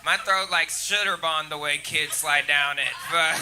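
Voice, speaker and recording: A man's voice: on the high side, unhurried, music in the background. A man doing a crude live stand-up set in a comedy club, often laughing at his own jokes. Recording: live club with audible crowd noise.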